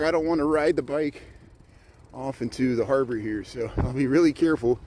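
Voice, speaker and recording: A friendly, talkative man gives a live tour from his bike, pointing out sights as he goes. His voice sits at an ordinary middle pitch. Wind and traffic noise come through clearly around him outdoors. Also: moderate pace, a little mellow, low-quality recording. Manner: chatty, points out sights as he rides. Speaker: vlogger giving a livestreamed bike tour. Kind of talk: casual live tour commentary. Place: outdoors by a city lakefront harbor, riding a bike. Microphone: camera mounted on a bike. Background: wind noise from riding.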